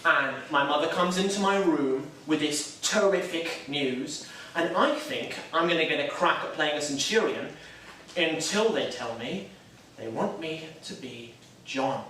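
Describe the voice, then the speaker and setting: An actor in a stage drama plays a nervous, self-doubting young Catholic man, speaking hesitantly with wry self-deprecation. His voice is a little high and sharp, at a measured pace, recorded in an echoey room with the mic far off and slight background noise.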